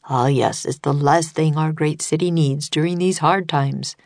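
A woman's voice: deep voice, steady tone, unhurried, a little mellow, no room sound. A woman reading the lines of a tall, thin, courteous male weather official in a storybook, explaining things patiently.

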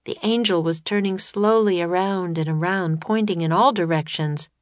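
A woman reading a children's adventure story aloud in a steady, scripted narration. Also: on the low side, normal speed, no room sound. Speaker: audiobook narrator.

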